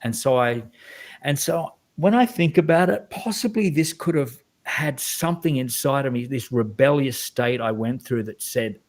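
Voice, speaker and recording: A man's voice: mid-range voice, moderate pace. A middle-aged man with a mild, neutralized Australian accent, talking reflectively as an interview guest and often restarting his sentences. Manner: reflective, hesitant, many restarts. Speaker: guest, guided meditation creator. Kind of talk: casual conversation.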